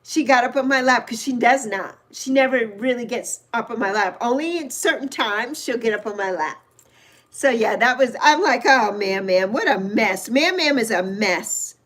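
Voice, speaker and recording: A woman in her sixties, hosting a livestream and telling a story in a chatty, animated way while greeting viewers by name. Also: a little high, normal speed. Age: 60s. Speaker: livestream host.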